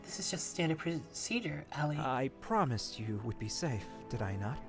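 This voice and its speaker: A woman voicing a solemn male master who speaks calmly and insistently, in a slow, hushed, pleading way while reading a game aloud. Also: extremely low pitch, music in the background, voice pushed down, full character voice.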